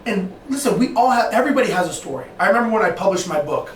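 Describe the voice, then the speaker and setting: High-pitched guy telling stories on a podcast, sounds far from the mic, faint hiss. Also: very fast. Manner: animated storyteller, acts out quoted dialogue. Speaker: podcast guest, entrepreneur. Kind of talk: storytelling in a podcast interview. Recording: roomy, distant mic, faint noise.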